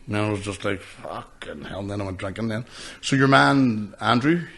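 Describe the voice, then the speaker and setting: Comic guy telling gig stories, bright sharp tone, swears a lot, laughs a bunch. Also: fairly low pitch, moderate pace. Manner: sweary, laughs often, storytelling. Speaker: comedian and podcast host. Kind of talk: casual chat.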